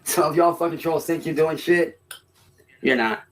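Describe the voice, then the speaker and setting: A man's voice: fairly high pitch, steady tone, normal speed, a bit bright. A man in a clip from a stream, ranting at the camera in a boastful, profane, defiant way. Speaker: streamer in clips.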